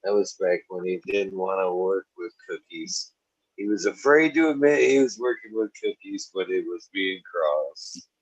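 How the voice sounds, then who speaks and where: A man's voice: low voice, normal speed, husky, no room sound. A man in casual chat, making brief, laid-back remarks. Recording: dull lo-fi sound.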